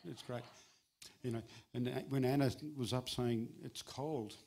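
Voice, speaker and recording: Man, middle-aged, church sermon, guest speaker, chatty and joking, sudden high pitch for emphasis. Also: unhurried, a little hiss or hum. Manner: conversational and humorous, with lively jumps in pitch for emphasis.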